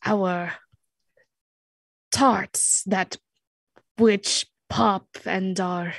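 Pompous blundering leader, voiced by a woman, slow and overblown. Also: medium pitch, steady tone, dry recording. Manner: slow, grandiose, stilted old-fashioned phrasing. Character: pompous, bumbling male hero leader.

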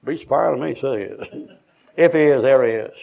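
A man's voice: mid-range voice, moderate pace, gravelly, darkish tone, muffled recording. An older man, preaching in church in a folksy, joking way, acting out little scenes. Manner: joking, acts out voices, laughs often. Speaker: pastor. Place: church sanctuary.

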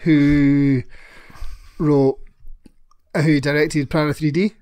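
A man's voice: on the high side, level tone, slow, a little mellow, clean tone. A man co-hosting a podcast, chatting casually about films with lots of swearing and rambling asides. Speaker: podcast co-host. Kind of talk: casual film chat.

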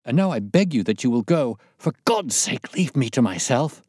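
A man's voice: mid-range voice, very animated, normal speed, darkish tone, dry recording, studio quality, voice pushed up. A man voicing an agitated, terrified middle-aged company director with a strained, pleading manner.

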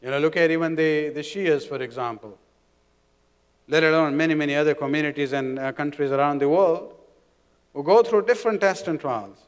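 A man's voice: fairly high pitch, brisk, smooth. A man giving an explanatory religious lecture in a community centre, with frequent restarts and Arabic terms woven into his talk. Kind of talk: sermon. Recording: long hall reverb.

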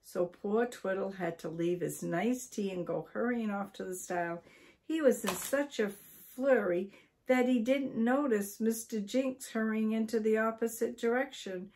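An older woman from Maine reading a children's story aloud in a slow, deliberate way. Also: medium pitch, a little mellow.

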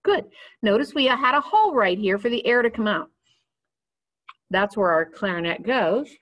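A woman gives a patient, instructive beginner's clarinet lesson, explaining each step as she handles the instrument. Her voice is a touch higher than most women's, slightly bright, and animated at a normal pace.

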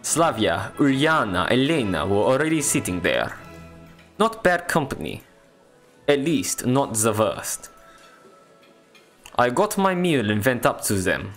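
A man's voice: mid-range voice, big pitch swings, a little slow, long pauses, fairly bright tone, soft background music. A man hosting a playthrough, reading a visual novel aloud in a put-on mock Russian accent with joking asides. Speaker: let's play host.

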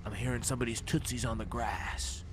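A young man streaming a horror game, swearing, talking to his chat as "gang" and dropping to a hushed whisper when scared. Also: medium pitch, steady tone, fairly quick, noisy background. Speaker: gaming streamer. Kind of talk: live horror game commentary. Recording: game music audible behind.

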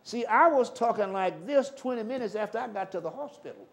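An older man preaching a live sermon, fervent and swinging from loud exclamations to low murmurs. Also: animated, brisk. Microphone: live stream.

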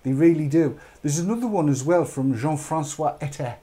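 A man's voice: fairly high pitch, a little fast, warm tone. A British man hosting a live online chat show, rambling and urging viewers on with jokey asides. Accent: British English.

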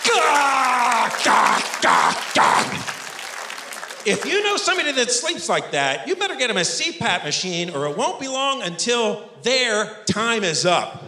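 A man in his fifties doing live stand-up comedy on stage, animated and self-mocking. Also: very high voice, moderate pace, few pauses, crowd noise. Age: 50s. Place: stage before a live audience. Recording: echoey stage room with audience.

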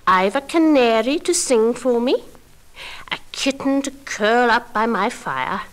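A woman voicing a kindly, lonely little old lady in a children's story record, speaking gently and contentedly. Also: a little high, animated, measured pace. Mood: happy.

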